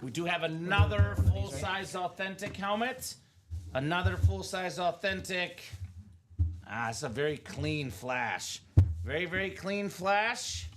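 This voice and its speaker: Against a noisy background, a high-pitched, animated man hosts a live card break at an unhurried pace, offering enthusiastic, chatty commentary on football players and hits.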